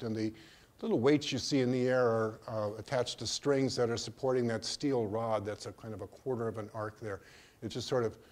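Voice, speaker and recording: Older man, artist's slide talk, halting, lots of ums, mid pitch. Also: darkish tone. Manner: hesitant, full of ums and restarts. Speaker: artist giving a museum talk. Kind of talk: slide lecture.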